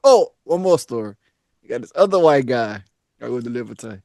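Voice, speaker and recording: A man co-hosting a comedy podcast, telling an animated story, laughing often and acting out each character. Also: medium pitch, brisk, no echo, studio quality. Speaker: podcast co-host.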